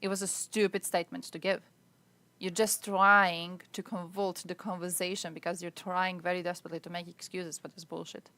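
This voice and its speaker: A woman's voice: lowish voice, flat delivery, moderate pace, sharp tone, dry recording. Woman streamer, blunt and profane, live-stream commentary. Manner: blunt, sweary, exasperated ranting.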